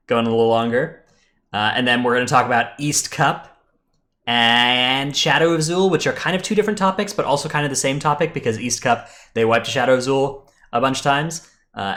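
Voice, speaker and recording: A male co-host of a live-streamed gaming podcast chats casually in a medium-pitched, fairly bright voice. He talks easily, with many fillers and restarts.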